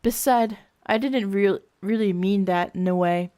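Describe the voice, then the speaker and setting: A woman voicing a calm, persistent male clan leader cat from a fanfic, in a lowered, flat reading voice. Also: a little slow, natural voice.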